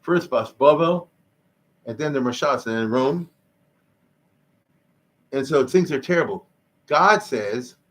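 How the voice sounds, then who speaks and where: A male rabbi teaching Jewish history in a lively, conversational lecture, explaining Hebrew terms as he goes. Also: medium pitch, slow, pauses often.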